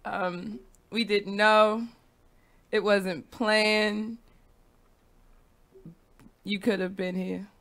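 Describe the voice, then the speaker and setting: Bright slow-talking woman host. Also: mid-range voice, level tone. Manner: laughs often, frank and playful. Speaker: radio show host. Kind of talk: casual chat. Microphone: studio microphone.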